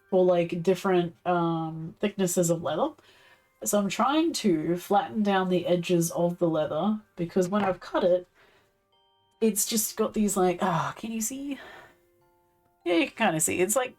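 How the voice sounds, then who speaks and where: A woman's voice: medium pitch, a little mellow, recorded from a distance. A young woman chatting casually and giggling as she works on a live stream, a little off the mic with faint music behind. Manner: chatty, giggly, talks while working. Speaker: streamer doing leathercraft.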